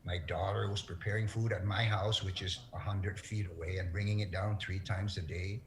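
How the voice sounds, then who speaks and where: A middle-aged man speaking as an interview guest, telling a personal story in an earnest, halting way, his voice breaking with emotion. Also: low voice, fairly even intonation, crowd noise.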